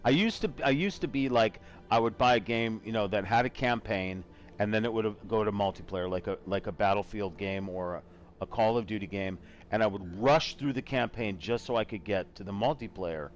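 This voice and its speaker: Low-voiced rambling middle-aged man. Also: a little fast, slight background noise. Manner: rambling, self-deprecating, slips into a joking put-on accent. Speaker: podcast host. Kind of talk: casual chat.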